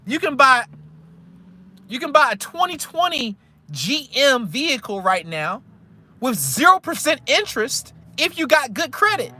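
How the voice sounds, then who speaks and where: A man's voice: very high voice, pushed and bright. A man giving a blunt, slangy motivational rant about money and credit from his parked car, repeating himself to push his points. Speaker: credit and investing vlogger. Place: parked car in a store parking lot.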